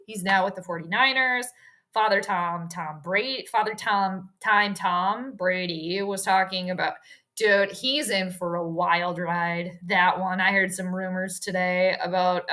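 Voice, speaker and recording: A young woman hosts a relaxed sports live stream, her voice bright and clear at a middle pitch. She chats loosely, drifts into asides and greets viewers by name as they arrive. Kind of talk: casual live-stream chat.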